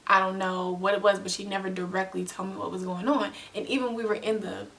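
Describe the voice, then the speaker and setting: A young woman telling a storytime vlog in a casual, animated way, full of slang and acted-out quotes. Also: mid-range voice, quick pace, creaky, distant mic. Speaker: vlogger.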